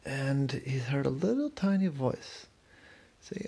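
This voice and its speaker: A man improvising a bedtime story for his child, slow and rambling, correcting himself as he goes. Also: medium pitch, sing-song, vocal fry, dark tone, husky. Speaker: parent telling a bedtime story.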